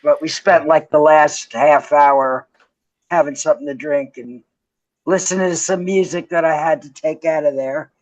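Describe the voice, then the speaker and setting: A man co-hosting a livestream in relaxed casual chat, swearing and laughing easily. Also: fairly high pitch, normal speed. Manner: laid-back, laughs often, swears casually. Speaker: livestream co-host. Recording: lo-fi dull audio.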